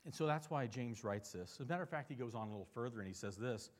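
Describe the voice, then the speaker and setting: Pastor guy preaching, chatty, mid pitch, gets loud and excited then drops soft and serious. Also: fast. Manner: conversational preaching with frequent rhetorical questions; swings between animated emphasis and soft, low earnest passages. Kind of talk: sermon.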